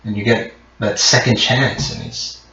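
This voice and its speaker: A man's voice: fairly low pitch, fairly even intonation, measured pace, bright, forceful tone. A man narrating a tabletop game as game master, rambling with many fillers. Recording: muffled echoey room.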